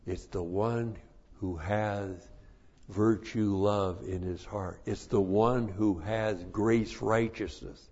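A man preaching a sermon, slow and deliberate, repeating his numbered points for emphasis. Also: fairly low pitch, steady tone, warm tone, husky, highs cut off.

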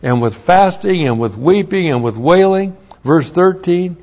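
A man preaching an expository Bible sermon, teaching slowly and deliberately with emphatic rises. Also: sits high, expressive, a little mellow. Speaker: pastor. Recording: dull lo-fi recording.

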